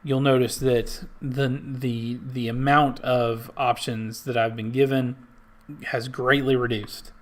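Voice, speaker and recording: Guy explaining a search tool, lots of uhs and restarts, mid pitched voice. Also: level tone. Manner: halting, many restarts and fillers. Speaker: library staff trainer. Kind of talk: screen-share tutorial.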